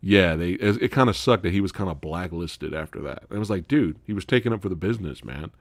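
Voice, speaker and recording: A man talks casually on his live stream, swearing freely and laughing as he tells stories. His voice sits low, and his pitch jumps around a lot. The sound is dry and close to the mic. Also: quick pace, no room sound. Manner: profane, animated storytelling with frequent laughter. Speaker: host.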